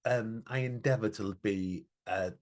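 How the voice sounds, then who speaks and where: With a fairly low, darkish voice at a moderate pace, a man co-hosting a podcast opens up about a personal story, sincere and reflective. He restarts frequently in this emotional, casual chat.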